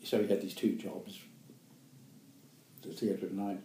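A man's voice: sits low, flat delivery, measured pace, warm tone, roomy sound, a little hiss or hum, low-quality recording. Elderly New Zealand man, rambling. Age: 80s. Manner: rambling, chuckling, self-correcting. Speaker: guest actor. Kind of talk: reminiscing interview.

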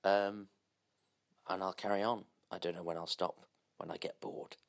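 A podcast host closes his show with quiet thanks. His voice is low and even, with little rise and fall. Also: moderate pace. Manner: quiet, sign-off. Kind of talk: closing remarks.

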